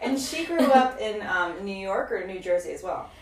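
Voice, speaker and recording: A woman's voice: mid-range voice, expressive, moderate pace, reverberant, far from the mic. A woman asking family members questions in a casual chat, curious and encouraging. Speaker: interviewer asking about family.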